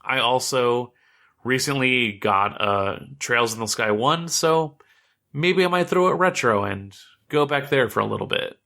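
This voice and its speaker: A man's voice: mid-range voice, measured pace, creaky, pushed and bright. A man co-hosting a video game podcast in loose, rambling casual chat, swearing offhandedly and filling gaps with "like" and "uh". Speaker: podcast co-host.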